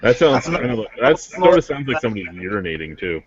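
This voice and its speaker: A man chatting casually with friends over an online call, laid-back and quick to laugh. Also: medium pitch, sing-song. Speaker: beer review show host. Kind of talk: casual group chat. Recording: lo-fi call with clicking noise.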